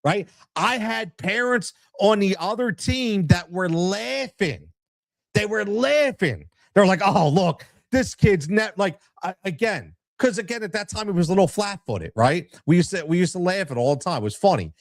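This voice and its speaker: A man's voice: sits high, expressive, normal speed, dry recording, studio quality. A man hosting a podcast, telling a story in a casual, emotional way and often tossing in "man" and "right?". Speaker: podcast host.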